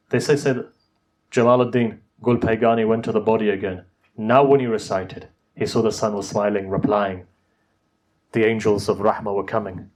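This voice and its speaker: A man's voice: lowish voice, steady tone, normal speed, darkish tone. A man giving a sermon, telling stories and pressing his points with rising emphasis. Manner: storytelling, rising to emphatic exhortation. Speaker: Muslim preacher.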